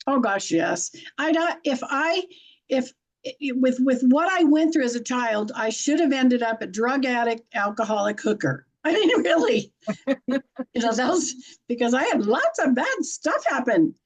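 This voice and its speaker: High-voiced blunt folksy woman. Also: animated, measured pace, low-quality recording. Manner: blunt, folksy, laughs often. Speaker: guest, intuitive and animal communicator. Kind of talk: conversational storytelling.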